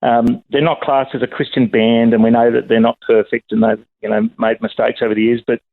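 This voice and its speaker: A man's voice: medium pitch, flat delivery, brisk, vocal fry. A middle-aged man calling in to a radio show, chatty and enthusiastic, joking around with the hosts. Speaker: caller, radio presenter. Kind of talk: casual chat on a phone call. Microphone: phone. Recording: tinny phone line.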